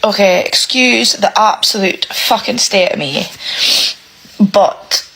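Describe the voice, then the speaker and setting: A British woman rants to camera, her voice husky and a little breathy. She swears hard and circles back over the same words. She sounds close to tears, at a medium pitch. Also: slow, a bit bright, rough recording. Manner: swears heavily, repeats herself. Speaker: single parent vlogger. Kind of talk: emotional rant to camera.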